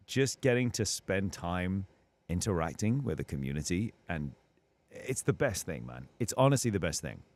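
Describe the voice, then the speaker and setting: A British man, a voice actor guest, talking earnestly and casually on a livestream. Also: on the low side. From Britain. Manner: earnest, animated, drifting into character voices. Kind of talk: casual chat. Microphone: studio condenser.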